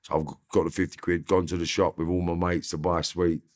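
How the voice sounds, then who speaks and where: A man with a very deep, low London voice tells his stories in loose, slangy street talk. He is an interview guest and talks casually, picking up energy as he recounts things. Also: level tone, brisk. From Northwest London. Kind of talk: casual storytelling.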